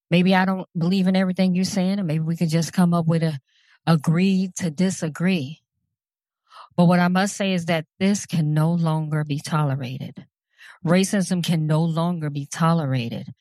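Woman giving a passionate talk, low-ish voice, dry close sound, keeps repeating lines to hammer them home. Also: darkish tone, dry recording. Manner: earnest, emphatic, repeats phrases for stress. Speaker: speaker addressing listeners. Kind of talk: impassioned personal address.

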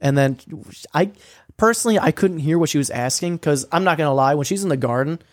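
A young man telling a story in casual chat, swearing a lot and filling his talk with "like" and "um," sometimes acting out quoted lines in a higher voice. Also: expressive, quick pace, dry recording, clean studio sound. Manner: profane, rambling storytelling with many fillers; acts out quoted lines with a raised voice. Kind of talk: casual recap of a streamed game.

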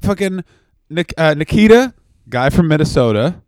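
Profane, fast-talking male podcast co-host. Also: on the high side, expressive, a little mellow, no echo. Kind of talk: comedic casual chat.

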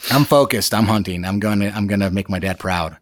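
Animated man telling a story. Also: fairly low pitch, brisk, no room sound, clean studio sound. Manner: animated, dramatic retelling with restarts. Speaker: podcast guest. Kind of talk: storytelling anecdote.

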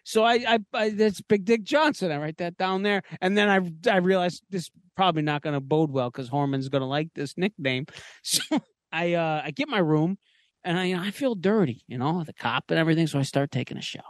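A man's voice: on the high side, a little fast, dry recording. A man hosting a podcast, telling a crude comic horror story in a rambling way and laughing at his own jokes. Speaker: podcast host. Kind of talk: comedic spooky storytelling.

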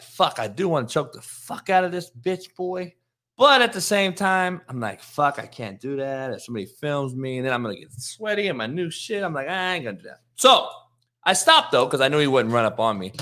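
A middle-aged man hosting his show, telling a profane, animated story in a casual monologue. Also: medium pitch, normal speed. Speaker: host.

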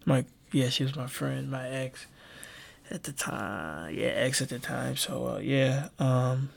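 Husky, gravelly young man rambling. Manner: halting and rambling, many fillers and restarts; subdued, low-key delivery. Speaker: podcast host. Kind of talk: casual personal podcast talk.

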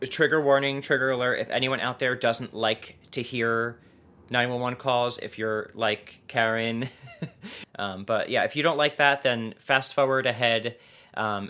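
A man co-hosts a casual true-crime podcast in a bright, forward voice. He rambles in a chatty way, full of fillers and restarts. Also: mid-range voice, steady tone, a little slow. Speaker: podcast co-host.

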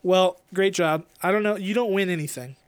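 A man's voice: high-pitched, moderate pace, smooth, no echo. A man co-hosting a podcast, running a playful quiz game and teasing his co-host while building suspense. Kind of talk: casual podcast chat.

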